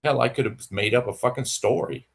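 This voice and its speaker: Swearing and sneering, this livestream host, an adult with kids, goes after a rival in a furious, sarcastic tirade. His medium-pitched voice is brisk and creaky, with some breathiness.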